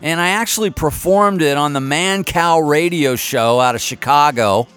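Deadpan mock-serious male show host. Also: a little high, moderate pace, clear, resonant tone, faint music behind. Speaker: podcast host. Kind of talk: comedic countdown announcing.

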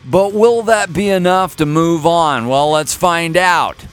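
A man hosting a rock music podcast, talking in a relaxed, wry way. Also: fairly high pitch, takes it slowly. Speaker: podcast host. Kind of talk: casual podcast talk.

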